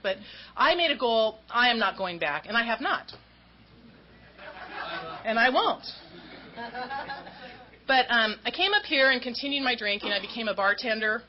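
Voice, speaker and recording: A woman giving a candid, self-mocking talk as an AA speaker about her recovery, acting out the voices of people in her story. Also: high voice. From Southern California. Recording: dull lo-fi talk recording with faint noise.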